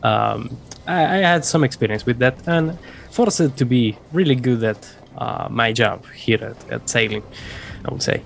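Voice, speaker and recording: A man's voice: mid-range voice, unhurried, gravelly, a little hiss or hum. A man playing a tabletop game, hesitant and searching for the right words. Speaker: player.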